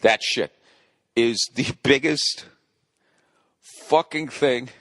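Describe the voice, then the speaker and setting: A man's voice: medium pitch, very slow, fairly bright tone, dry recording, studio quality. A man in his forties hosting a solo comedy podcast, ranting profanely and rambling, scolding himself back on topic. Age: 40s. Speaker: podcast host.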